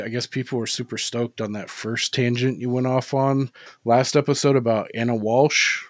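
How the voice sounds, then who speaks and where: A man's voice: medium pitch, no room sound, clean studio sound. A man co-hosting a podcast in casual chat, laid-back, swearing freely and full of "like" fillers. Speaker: podcast co-host.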